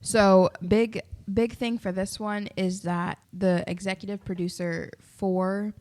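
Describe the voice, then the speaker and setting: A young woman chats casually as a podcast co-host. Her voice is mid-range, and she is excitable and giggles easily. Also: medium pitch, slow. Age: young adult. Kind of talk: casual chat.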